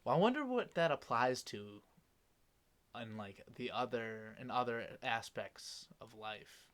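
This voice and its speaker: Rambling young man, quick and mumbly. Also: mid-range voice, expressive, fairly bright tone. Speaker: podcast host. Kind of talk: casual chat.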